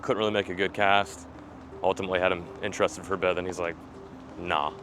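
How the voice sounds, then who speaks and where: Excitable low-voiced fishing vlogger man. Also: quick pace, over music. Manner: excitable, bursts into loud yelling when fish appear. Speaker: fishing video host. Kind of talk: casual on-camera fishing vlog. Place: outdoors on a rocky riverbank. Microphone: camera mic, filmed by a camera operator.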